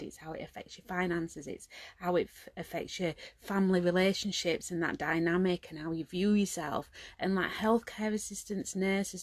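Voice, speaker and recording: Woman in her thirties, worn out and close to tears, rambling to her phone, dry close sound, some vocal fry. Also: fairly low pitch, no room sound. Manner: rambling and heartfelt, fighting back tears at times. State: exhausted. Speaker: vlogger. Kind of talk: emotional confessional vlog.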